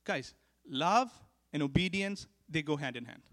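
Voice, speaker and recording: A man preaching a sermon as pastor, earnest and repeating key lines for emphasis, swinging from emphatic calls to hushed, quiet stretches. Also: on the high side, lively intonation, unhurried.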